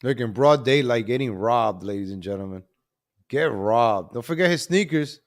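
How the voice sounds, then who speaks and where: A man hosting a live commentary stream, animated and repetitive, calling out to viewers as ladies and gentlemen. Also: mid-range voice, moderate pace. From New York.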